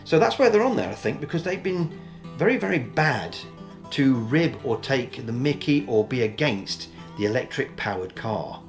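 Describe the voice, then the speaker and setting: A man's voice: mid-range voice, very animated, moderate pace, faint music behind. A man giving casual, opinionated commentary as a news vlogger, talking in a chatty, rambling way with many ums and restarts.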